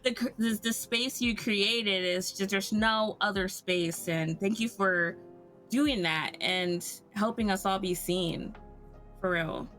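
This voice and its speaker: A woman's voice: mid-range voice, takes it slowly, fairly bright tone, soft background music. A woman guest in a casual round table chat, rambling and heartfelt, full of "like"s.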